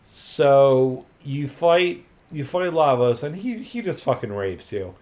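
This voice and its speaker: A drunk host retells a video game plot, rambling loosely, swearing freely, restarting, and filling every gap with "like." His mid-range voice is very animated and darkish, and he takes it slowly.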